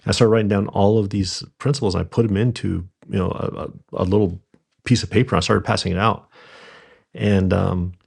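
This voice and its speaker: A middle-aged man, a podcast guest, telling stories from his business in a halting way with many fillers and restarts. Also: lowish voice, steady tone, gravelly, a little mellow, husky. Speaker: podcast guest, rental company founder. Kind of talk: conversational storytelling interview.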